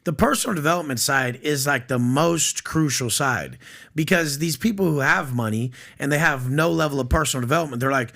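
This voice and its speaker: A man's voice: a little high, fairly quick, gravelly, bright, forceful tone. A man talking bluntly and profanely as a guest on a podcast. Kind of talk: casual podcast chat.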